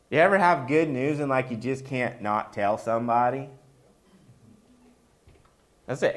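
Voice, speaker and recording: Male pastor, mid pitch, slow, unhurried delivery, casual joking sermon. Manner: conversational, with humorous asides and mock misquotes.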